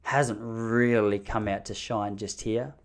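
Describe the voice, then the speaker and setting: A young adult man hosting a podcast, telling a story casually in an animated, jokey way. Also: lowish voice, slow pace. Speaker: podcast host.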